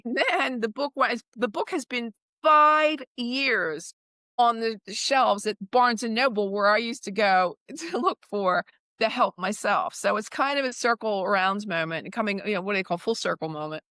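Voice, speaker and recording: Expressive woman telling stories, dry sound. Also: medium pitch, moderate pace, dry recording. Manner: expressive storyteller, acts out quotes. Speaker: guest. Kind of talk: casual interview chat.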